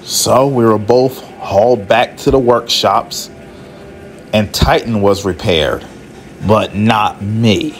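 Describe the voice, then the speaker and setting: A man's voice: lowish voice, slow pace, slight background noise. A man voicing a sullen, resentful male train engine who grunts and grumbles. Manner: gruff, grumbling.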